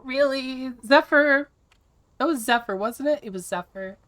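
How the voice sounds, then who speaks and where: A woman streams a video game and chats casually with viewers, sounding exasperated and teasing and laughing easily. Her voice sits high with a fairly bright tone.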